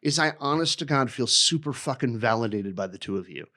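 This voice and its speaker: A man in casual podcast chat, swearing heavily and ranting with animated energy. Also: medium pitch, fairly quick. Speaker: podcast guest.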